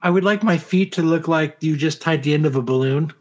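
A man's voice: fairly high pitch, brisk, darkish tone. A man co-hosting a podcast in casual banter, rambling and cracking dry jokes. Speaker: podcast co-host.

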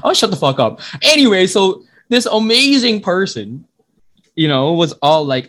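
A man's voice: on the high side, animated, moderate pace, a bit bright. A young man hosts a loose, casual podcast with a voice that swings up and down a lot. He rambles, apologizes, and cracks jokes at his own expense, with plenty of swearing. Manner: rambling, self-deprecating, swears freely. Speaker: podcast host.

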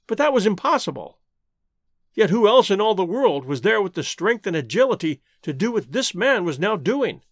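A male audiobook narrator reads at normal speed in a high, animated voice that rises and falls dramatically through the story. The recording is close and dry, with no room sound.

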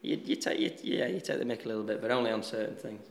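A young man with a Yorkshire accent, a golfer answering interview questions in a relaxed, halting way with many restarts. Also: lowish voice, creaky, reverberant. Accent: Yorkshire English. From Yorkshire, England.

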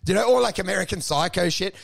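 High-voiced, gravelly man. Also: quick pace, no room sound. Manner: animated storytelling with put-on voices and swearing. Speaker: podcast co-host. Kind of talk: casual comedic chat.

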